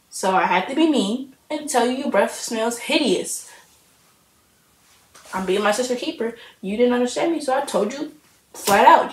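A woman's voice: on the high side, a little fast, roomy sound, low-quality recording. A woman hosting a reaction video, chatting casually and rambling into stories.

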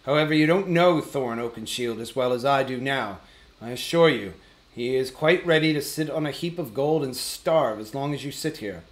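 A man voicing a small, fussy, businesslike male hobbit in an audiobook, prim and a little squeaky. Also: moderate pace, close to an everyday voice. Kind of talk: audiobook character reading.

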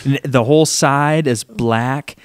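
A man's voice: medium pitch, takes it slowly, smooth, dry recording, studio quality. A man co-hosting a podcast, chiming in with short quips and memories in casual chat. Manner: chimes in with short quips and recollections. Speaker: podcast co-host.

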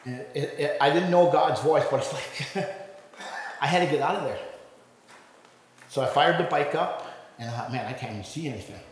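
A man's voice: on the high side, moderate pace, long pauses. A man in his sixties giving a rambling, conversational personal testimony at a church men's breakfast, with many restarts and fillers. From Ontario, Canada. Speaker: guest speaker giving testimony. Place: church hall. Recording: very echoey church hall with long reverb.

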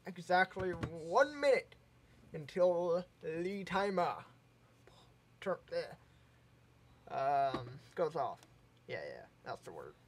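A man's voice: a little high, big pitch swings, takes it slowly, slight background noise. A man hosting a casual let's play, mumbling to himself, trailing off, and humming snatches of tunes as he plays. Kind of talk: casual gameplay commentary.

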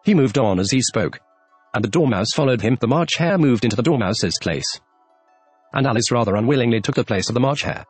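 A man narrating a classic children's book in an expressive storytelling manner. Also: mid-range voice, brisk, husky, no echo, faint music behind. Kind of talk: audiobook reading of a classic.

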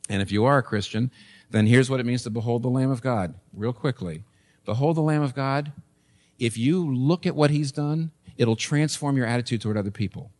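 Man in his sixties, church pastor mid-sermon, earnest, hammers points home by repeating them, mid-pitched voice. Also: a little mellow. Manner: earnest, building to emphatic repetition.

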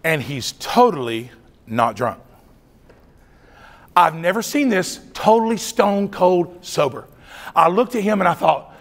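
A man's voice: high voice, measured pace, long pauses. A middle-aged man telling a story as a youth conference preacher, acting out the voices as he goes. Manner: animated storytelling, acts out voices. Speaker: youth speaker. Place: large church hall. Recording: reverberant hall.

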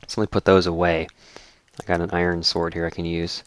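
A man with a dry throat giving rambling, relaxed commentary as he plays through a game. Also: low voice, a little fast. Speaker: let's play host. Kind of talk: casual gaming commentary.

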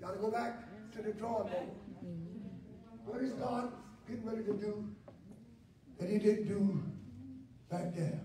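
A man preaches in a very high voice, swinging between shouted calls to the congregation and low, quiet talk. He sounds distant from the microphone. His voice rings through a big, echoey church. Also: steady tone, a little slow, pauses often, background noise. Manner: shouted call-and-response preaching, sudden drops to quiet talk. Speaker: pastor. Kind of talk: sermon. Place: large church sanctuary. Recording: echoey church hall from far off.

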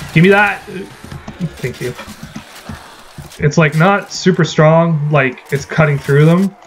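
A man's voice: mid-range voice, a little hiss or hum. A man giving casual, rambling gameplay commentary as a gaming channel host, swearing when frustrated.

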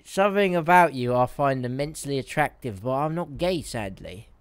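A man's voice: medium pitch, lively intonation, normal speed, clean tone, dry recording, lightly acted. A man voicing a scruffy, rowdy hobo in a role-play game, sing-song and chanting a catchphrase. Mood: flirty.

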